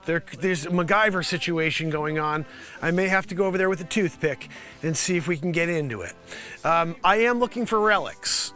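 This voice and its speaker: A man hosts his daily stream with a comic mock news report. His voice is high and bright, with faint music underneath. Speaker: host of a daily livestream. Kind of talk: comedic livestream monologue.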